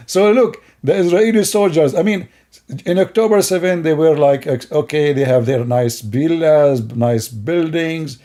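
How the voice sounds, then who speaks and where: A man hosting a live debate stream who talks with mocking, deadpan sarcasm. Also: fairly high pitch, a little slow. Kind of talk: sarcastic commentary.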